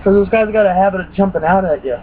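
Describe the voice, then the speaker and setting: A man's voice: sits high, quick pace. A young man casually and profanely retelling scary game moments, acting out his own reactions. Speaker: gaming vlogger. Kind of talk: casual rambling story. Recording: tinny phone-like recording with faint hiss.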